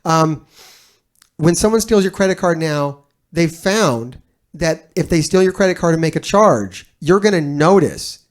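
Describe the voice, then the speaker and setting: A man's voice: a little high, lively intonation, unhurried. A man giving casual reaction commentary as a streamer, telling a rambling story full of swearing.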